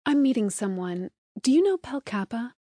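A woman voicing a friendly, determined young heroine on a business trip, speaking politely and brightly in an audiobook. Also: on the high side, big pitch swings, moderate pace, no room sound, clean studio sound, pitched above the performer's own voice.

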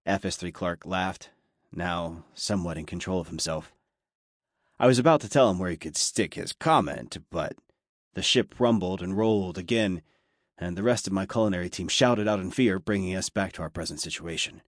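A man reading a story aloud as an audiobook narrator, steady and measured. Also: deep voice, dry recording, clean studio sound. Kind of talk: scripted narration.

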